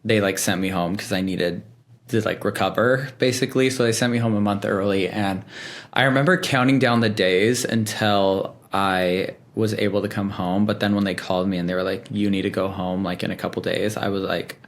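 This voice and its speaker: A young man telling personal stories in a relaxed, chatty way, full of fillers and quick laughs. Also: fairly low pitch. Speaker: podcast guest. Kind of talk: casual storytelling.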